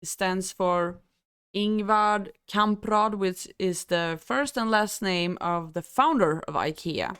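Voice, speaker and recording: Woman from Sweden, language teacher, unhurried delivery, smooth clear voice, dry close sound. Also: mid-range voice, dry recording. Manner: relaxed, thoughtful, with pauses and fillers. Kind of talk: explaining language and culture.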